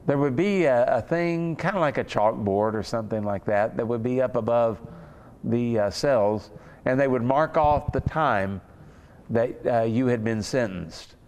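A man's voice: medium pitch, darkish tone. Conversational man preaching a sermon. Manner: conversational, unhurried, with fillers and asides.

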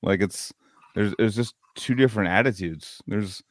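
A low-voiced man chatting loosely on a podcast, telling rambling stories with laughter and plenty of swearing. The sound is dry and close, with no room around it. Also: moderate pace, no echo. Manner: rambling, laughing storyteller, heavy cursing. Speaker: podcast host. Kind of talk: casual chat.

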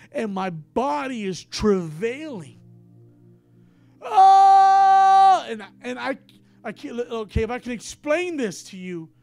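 A man preaching a sermon as a pastor, giving an emotional testimony that moves from hushed tones to loud cries. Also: very high voice.

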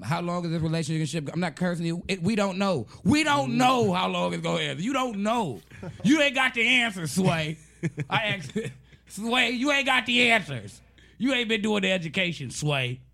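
A man hosting a loose talk show with his friends. His voice sits a bit high for a man. He jokes and teases in a slangy, easygoing way and laughs often. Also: animated, normal speed, gravelly, bright, forceful tone. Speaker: podcast host. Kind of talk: casual banter with friends.

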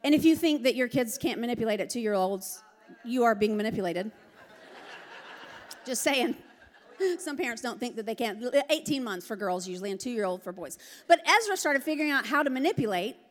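A middle-aged woman preaching a lively, joking sermon. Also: fairly high pitch, a little fast. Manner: lively, joking, laughs often. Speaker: pastor. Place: large church hall. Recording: long hall reverb.

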